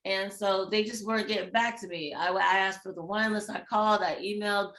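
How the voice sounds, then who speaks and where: A woman as a podcast guest, telling a story in casual chat, animated and laughing between quick asides. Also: mid-range voice.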